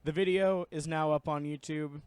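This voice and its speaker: A man's voice: on the high side, steady tone, moderate pace, darkish tone, smooth, no room sound. A young man co-hosting a podcast in casual chat. He sounds laid-back and rambling and is fond of jokes. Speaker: podcast co-host.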